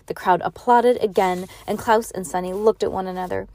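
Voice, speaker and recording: A woman's voice: mid-range voice, fairly even intonation, a little fast, darkish tone. A woman reading a novel aloud to her child in a casual, homey way, now and then stumbling over a word and starting the line again. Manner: casual, stumbles and restarts, laughs and comments between passages.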